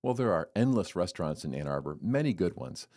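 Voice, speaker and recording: A man hosting a devotional podcast, talking in an earnest, storytelling way with lively swings. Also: sits low, fairly quick. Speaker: podcast host giving a devotional. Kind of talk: casual devotional talk.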